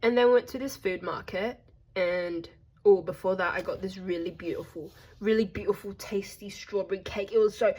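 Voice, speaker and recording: A woman's voice: mid-range voice, normal speed, a little mellow, slightly rough. A young Australian woman narrating a casual travel vlog in a chatty, gossipy way with playful slang. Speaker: vlogger.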